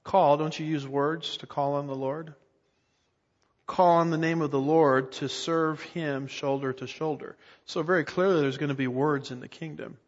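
A man's voice: on the high side, fairly even intonation, normal speed, long reverb tail, highs cut off. A middle-aged man preaching an expository sermon, emphatic and often asking his listeners rhetorical questions. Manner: emphatic teacher, asks the congregation rhetorical questions. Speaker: pastor.

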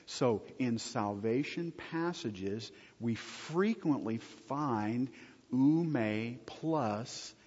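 A man's voice: medium pitch, darkish tone. A man preaching a sermon as pastor, conversational, often checking in with the congregation and joking with them. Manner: asks the audience frequent check-in questions. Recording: husky voice, long hall reverb, dull lo-fi sound.

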